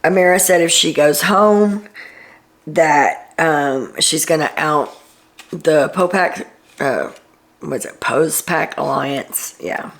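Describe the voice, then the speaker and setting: A woman with a low voice and a gravelly, creaky texture talks through a casual recap as the show's host. She is chatty and opinionated, with frequent ums and asides. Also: takes it slowly.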